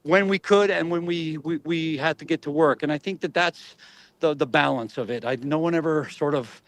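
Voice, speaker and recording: With a slightly high voice and a normal pace, a middle-aged man who acts tells animated stories in a casual interview. He laughs a lot and imitates voices as he goes.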